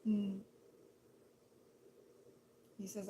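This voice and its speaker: Woman, from Seattle, livestream host, gentle and sympathetic, slightly high voice, unhurried pace. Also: steady tone, slight background noise. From Seattle, Washington State. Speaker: livestream host reading viewer comments. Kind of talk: casual soft-spoken livestream chat.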